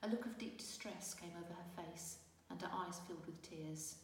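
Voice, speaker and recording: A woman narrating a fantasy storybook in a measured, gentle reading. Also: lowish voice, a little hiss or hum. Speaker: audiobook narrator. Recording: roomy distant reverberant recording with faint ambience.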